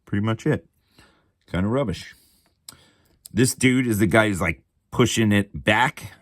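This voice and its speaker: A man in his forties talks casually in a home hobby room, relaxed and loose, dropping swear words and tag questions. His voice sits very low. The sound is dry and close, with no room echo. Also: a little slow. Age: 40s. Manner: laid-back, chatty, swears freely, keeps asking "right?". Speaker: miniature hobby channel host. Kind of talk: casual show-and-tell chat.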